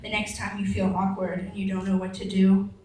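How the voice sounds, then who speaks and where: A woman in her twenties performing a stand-up set, telling stories in an animated way and acting out the people in them. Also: medium pitch, brisk, slight background noise. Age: 20s. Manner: animated storytelling with acted-out quotes. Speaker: stand-up comedian. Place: comedy venue with a live audience. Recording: roomy venue mic picked up from a distance, audience laughter.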